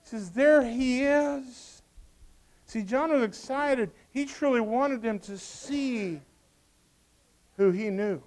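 A man preaching a sermon, shifting from a soft murmured prayer to dramatic, emphatic exclamations. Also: very high-pitched, slow pace, low-quality recording. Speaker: pastor.

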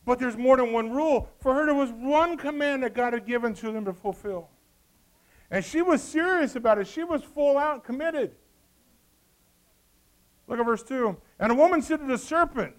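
A man preaching a sermon, lively and folksy, throwing joking asides to the congregation. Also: extremely high pitch, normal speed, long pauses.

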